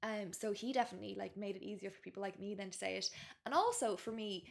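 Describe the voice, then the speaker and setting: A woman's voice: mid-range voice, fast talker, creaky. An Irish woman in her thirties, a guest author talking frankly and casually on a podcast, full of "like" and "you know". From Ireland. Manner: frank and chatty, with lots of fillers like "like" and "you know".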